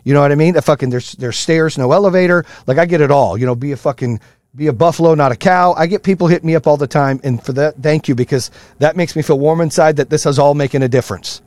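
A man's voice: fast, dry recording, clean studio sound. Profane, fired-up male podcast host. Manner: profane, fired-up motivational ranting; swings from loud rants to low, quieter storytelling. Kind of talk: casual monologue.

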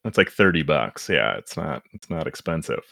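Deep-voiced man, animated podcast chat. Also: moderate pace, vocal fry, no echo, studio quality. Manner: animated, laughs while reading, restarts often. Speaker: podcast guest reading reviews.

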